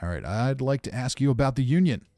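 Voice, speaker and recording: A man's voice: medium pitch, animated, fast talker, mellow, dry recording. A man streaming a game, giving casual commentary in a grumpy, offhand way and reading out chat comments. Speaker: gaming streamer.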